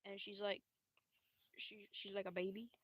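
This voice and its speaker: A woman's voice: mid-range voice, little pitch movement, normal speed, lo-fi sound, very noisy. A young woman streamer telling a story in a casual, rambling way, full of slang and fillers.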